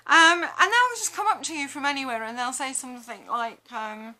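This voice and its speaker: A woman's voice: high voice, moderate pace, few pauses, sharp tone, a little hiss or hum. A woman vlogging with casual storytelling, blunt and sarcastic, swearing freely.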